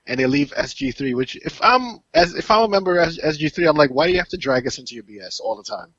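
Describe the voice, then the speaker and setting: A man's voice: high voice, big pitch swings, fast talker, gravelly, fairly bright tone, husky, no echo. Chill guy cohost, chuckles, jokes around, kinda muffled dry audio. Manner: laid-back, chuckling, adds jokey asides. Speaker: podcast co-host. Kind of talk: casual chat recapping a TV episode.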